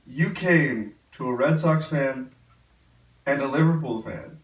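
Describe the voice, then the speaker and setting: A man answering pitches in a dry, wry, polite manner. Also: slow pace. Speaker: fan hearing team pitches. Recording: roomy echo, mic at a distance.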